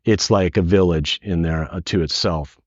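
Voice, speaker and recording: A middle-aged man from San Francisco, a podcast guest, telling a personal story in an earnest, animated way. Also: deep voice, normal speed, no echo. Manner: earnest, animated retelling with acted quotes. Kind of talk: emotional storytelling. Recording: dull lo-fi dry podcast audio.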